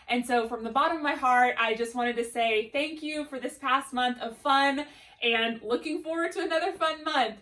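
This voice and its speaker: Upbeat drama teacher, unhurried woman. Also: high-pitched, fairly bright tone. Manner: enthusiastic, encouraging. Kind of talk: upbeat classroom lesson.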